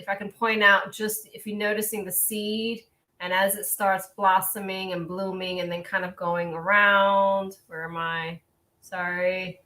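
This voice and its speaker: A woman's voice: mid-range voice, steady tone, unhurried. Earnest woman giving a live card reading. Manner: gentle, earnest, rambling with restarts. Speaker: oracle card reader and coach.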